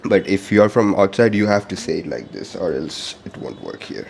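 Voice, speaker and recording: A man's voice: deep voice, lively intonation, normal speed, vocal fry, few pauses, darkish tone, slight background noise. A young man, a Bengali speaker, chatting playfully while he cooks, joking with himself between steps. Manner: playful and self-amused, joking asides. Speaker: home cook vlogger. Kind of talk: casual cooking narration.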